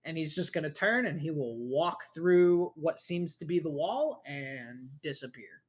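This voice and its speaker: Game master with a very animated voice. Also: mid-range voice. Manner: brisk, descriptive. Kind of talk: narrating a tabletop game.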